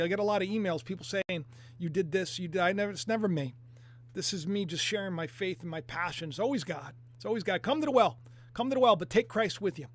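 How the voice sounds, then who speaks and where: A man hosting an online video, giving rambling, casual religious commentary with lots of fillers and asides to his viewers. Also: sits high. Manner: rambling, animated, talks to viewers with frequent fillers.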